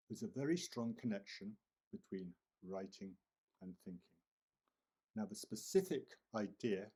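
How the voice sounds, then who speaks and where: A man teaching IELTS essay writing, speaking deliberately and repeating key words for emphasis. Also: low voice, warm tone, husky. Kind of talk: instructional talk to camera.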